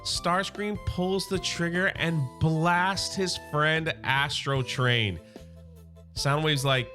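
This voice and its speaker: Excited bright-voiced man recapping comics. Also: a little high, slow, soft background music. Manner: excited, slangy, enthusiastic. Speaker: comic book reviewer.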